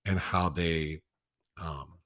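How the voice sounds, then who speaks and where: A man's voice: rumbling low, fairly even intonation, extremely slow, fairly bright tone, dry recording, studio quality. A man co-hosting a casual chat about films, talking frankly and with opinions. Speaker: podcast co-host.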